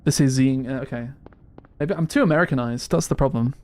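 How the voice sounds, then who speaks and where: A man's voice: mid-range voice, fast talker, a little mellow. A young English man with an English accent, chatting casually and laughing as he streams a game. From England. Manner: chatty, laughs often, self-deprecating. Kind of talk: casual gaming stream chat.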